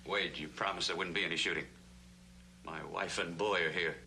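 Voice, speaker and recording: An actor playing an anxious homesteader and family man who speaks slowly and pleadingly, in an old TV western. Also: sits low, fairly even intonation, bright, forceful tone, a little hiss or hum, full character voice. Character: worried male homesteader, husband and father. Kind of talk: 1960s TV western acting.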